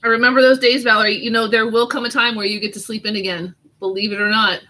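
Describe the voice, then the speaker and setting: A woman's voice: fairly high pitch, little pitch movement, quick pace, sharp tone, low-quality recording. A woman hosting a casual live doodling chat, teasing her kid and reading out viewer comments as she draws. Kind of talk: casual live-stream chat while drawing.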